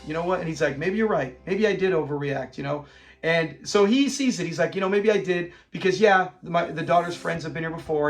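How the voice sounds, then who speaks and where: A man hosting a casual episode review, retelling scenes with lively acted-out lines and frequent laughs. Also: fairly high pitch. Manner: animated retelling, acts out the characters' lines, laughs often.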